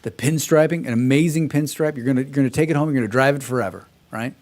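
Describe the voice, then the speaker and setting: A man doing a corny, smooth-talking car salesman who hurries through his pitch. The voice sits at an ordinary middle pitch and keeps piling on praise. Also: fast, a little mellow, close to an everyday voice. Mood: pushy, salesy. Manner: pushy, over-the-top sales pitch.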